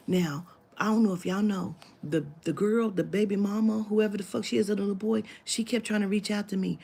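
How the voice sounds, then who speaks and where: A woman's voice: mid-range voice, steady tone, brisk, gravelly, hardly any pauses, mellow, husky. A woman telling a long story in casual talk, acting out the quoted dialogue, swearing freely and dropping into whispers. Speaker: spiritual reader telling a client story.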